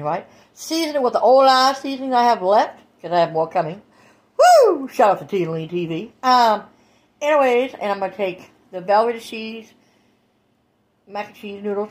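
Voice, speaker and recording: A woman vlogger talking to her viewers in a loose, chatty way. Her voice sits at a middling pitch. She stretches out phrases and calls everyone baby and y'all. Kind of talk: casual chat to viewers.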